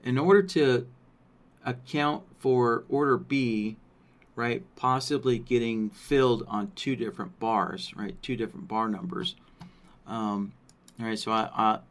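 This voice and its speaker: Slow, thinking-aloud male workshop presenter. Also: medium pitch. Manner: thinks aloud, frequent "right?" check-ins. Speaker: trading software workshop presenter. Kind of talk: live screen-share software walkthrough.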